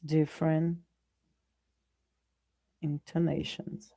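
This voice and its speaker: A woman teaching a live online English lesson, speaking deliberately and often checking in with "right?". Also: deep voice, level tone, vocal fry, mellow.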